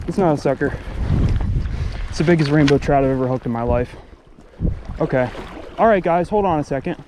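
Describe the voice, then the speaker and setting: A man vlogging while fishing alone, who talks straight to viewers in excitable live commentary and repeats his exclamations. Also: a little high, fairly quick, long pauses. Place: outdoors on a river. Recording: outdoor recording with wind and water noise.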